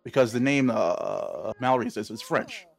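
Animated man with a lively, bouncing pitch. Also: moderate pace, gravelly. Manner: animated, restarts and repeats words often, laughs easily. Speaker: producer and director of an audio drama. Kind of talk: casual commentary chat.

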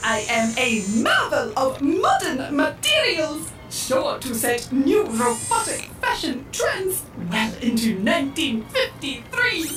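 A woman's voice: sits high, very animated, takes it slowly, few pauses, reverberant, recorded from a distance, over music, heavily acted. A woman playing a vain, sarcastic female robot in an audio drama. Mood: smug sarcastic.

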